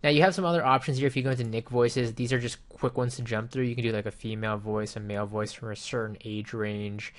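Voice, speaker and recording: A man casually demonstrating a program on screen, explaining each step in a relaxed way with frequent ums and you-knows. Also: medium pitch, fast talker, hardly any pauses. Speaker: software reviewer. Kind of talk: casual screen-recorded software walkthrough. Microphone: desktop microphone with headphones.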